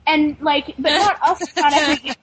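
A woman's voice: sits high, fairly even intonation, fairly quick, fairly bright tone, dry recording, rough recording. A woman co-hosting a casual fan podcast, opinionated and self-deprecating. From United States. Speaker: podcast co-host.

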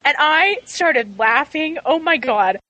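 A woman co-hosting a casual chat, amused and quick to laugh. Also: sits high, expressive, bright, forceful tone, no room sound, muffled recording. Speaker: podcast co-host.

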